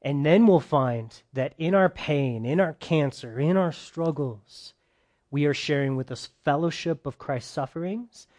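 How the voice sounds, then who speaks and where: A man delivers a casual, talky sermon in a voice sitting a little above the usual male range. He keeps checking in with his listeners through quick questions and moves between loud emphasis and hushed asides. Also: on the high side. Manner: chatty, asks listeners questions, swings between loud and soft. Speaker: preacher. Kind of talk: conversational sermon.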